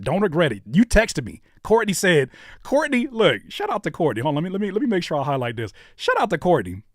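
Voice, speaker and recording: A man hosting a casual live stream, talking in an animated way that swings between loud outbursts and low muttering. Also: no room sound, clean studio sound. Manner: animated, quick shifts between shouting and muttering. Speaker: host of a live stream channel.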